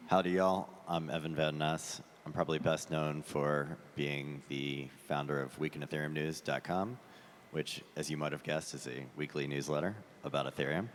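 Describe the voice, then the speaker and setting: A man's voice: rumbling low, fairly even intonation, normal speed, slight background noise. A man introducing himself as a judge on stage in a laid-back, wry way. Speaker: newsletter writer, judge. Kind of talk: panel self-introduction. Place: large conference hall stage. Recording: reverberant large hall.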